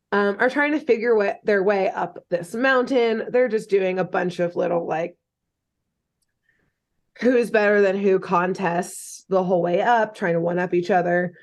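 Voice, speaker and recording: A woman's voice: mid-range voice, normal speed. A woman co-hosting a podcast, retelling a cartoon episode in a jokey, rambling way with many fillers and laughs. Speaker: podcast co-host recapping a cartoon. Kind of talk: casual chat.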